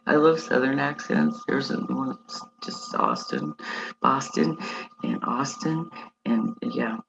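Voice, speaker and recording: A woman's voice: very deep voice, slow pace, vocal fry, background noise. Chatty New woman, muffled stream. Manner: chatty and animated, reads out chat comments. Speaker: co-host. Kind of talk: casual livestream chat.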